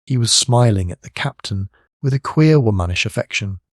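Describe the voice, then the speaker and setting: A man with a low voice narrates a classic novel for an audiobook in a measured, steady manner. The sound is dry and close, with no room around it. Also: no echo. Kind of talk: scripted narration.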